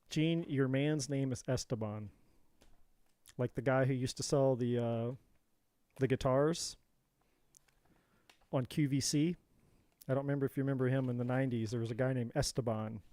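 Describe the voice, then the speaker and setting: A man's voice: medium pitch, warm tone, no room sound. A man hosting a casual live tarot reading, rambling and joking, going off on tangents and talking to his viewers by name. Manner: addresses viewers directly by name.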